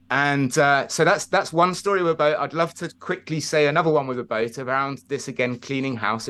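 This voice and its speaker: A man talking as a guest in a casual conversation, telling stories and acting out the voices in them. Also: mid-range voice. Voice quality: animated storyteller, acts out quoted voices.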